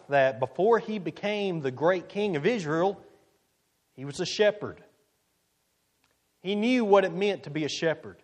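Slow, lively-voiced male preacher. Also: high voice. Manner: slow, deliberate preaching with emphatic scripture reading. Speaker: pastor. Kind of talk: sermon.

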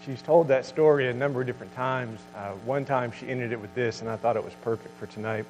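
A man preaching a sermon as pastor, earnest and steady. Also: mid-range voice, fast talker, big-room sound, slight background noise, poor audio.

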